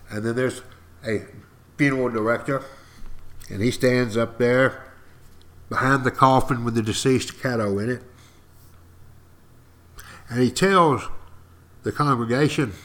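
A man giving a podcast history lecture as a folksy, dramatic storyteller who keeps turning to speak directly to his listeners. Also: mid-range voice.

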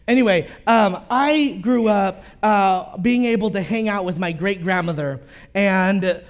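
A man's voice: sits high, unhurried. A male pastor, preaching a sermon and telling stories with many fillers and restarts.

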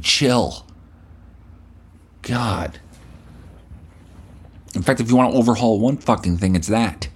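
A man's voice: fairly low pitch, mellow. A male podcast host delivering a blunt, profane, scolding rant at the listener. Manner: blunt, scolding, heavy swearing.

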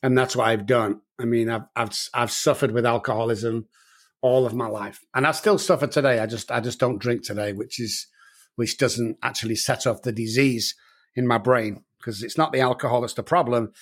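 A man's voice: medium pitch, steady tone, normal speed. Earnest man with Manchester accent. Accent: Manchester English. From Manchester, England. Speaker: addiction doctor, guest. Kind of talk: interview answers.

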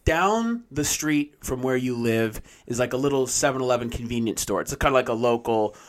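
A man telling a story in casual chat, animated and full of fillers like "like". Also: medium pitch, a little fast.

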